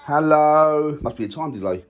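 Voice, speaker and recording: A man's voice: medium pitch, big pitch swings, normal speed, highs cut off, a little hiss or hum. A man, joking and teasing his family in a casual home vlog. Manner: teasing, playful banter. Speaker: family vlogger.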